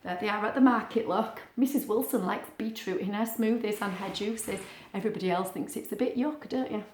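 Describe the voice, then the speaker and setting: A woman's voice: medium pitch, fairly quick, darkish tone, a little hiss or hum. A woman reading a picture book aloud to children, chatting playfully with a puppet between pages. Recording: roomy echo.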